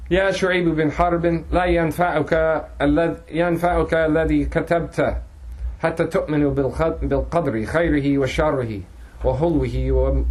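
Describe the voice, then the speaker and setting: A man's voice: mid-range voice, a little mellow, rough recording. A man teaching a class, reading passages aloud and then translating and explaining them phrase by phrase, with frequent restarts. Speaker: teacher explaining a religious text. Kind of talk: classroom lecture.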